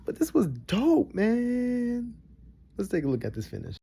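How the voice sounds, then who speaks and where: A young adult man, giving casual reaction commentary that swings from low grumbles to excited bursts. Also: unhurried, vocal fry, slightly rough. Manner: animated, jumps between low grumbles and high excited bursts. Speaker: vlogger reacting to a broadcast.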